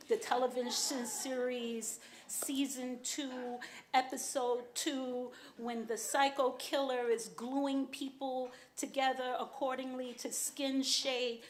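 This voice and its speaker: A woman's voice: a little high, slow, slight background noise. A woman author telling a frank, profane personal story on a small club stage. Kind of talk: live storytelling.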